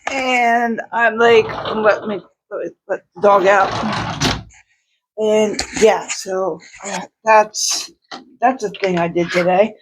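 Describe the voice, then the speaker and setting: Woman vlogger at home, mid-pitched, loose rambling delivery with lots of restarts. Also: fairly even intonation, takes it slowly, noisy background. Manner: rambling, chatty, many restarts and fillers. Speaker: outsider artist vlogger. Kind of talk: casual chat to camera.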